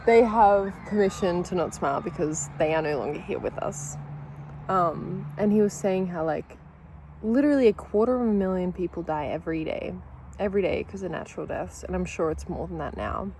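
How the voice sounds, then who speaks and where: Her voice is on the low side and darkish, at a moderate pace, in a low-quality recording with slight background noise. At home having breakfast with her dogs, the vlogger chats candidly, swearing freely, laughing through near-tears as emotion overwhelms her.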